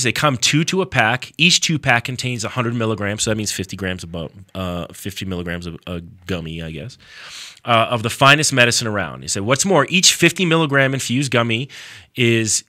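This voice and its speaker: A man's voice: on the low side, fairly quick, pushed and bright, dry recording, clean studio sound. A male radio host in casual talk, easygoing and a little rambling as he reads sponsor copy.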